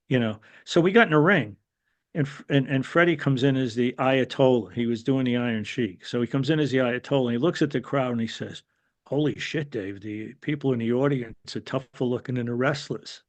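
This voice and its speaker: Older man, from New York, casual storytelling, ums and restarts, lively quoted voices. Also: mid-range voice. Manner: rambling, many fillers and restarts, animated quotes. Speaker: guest, former wrestling referee.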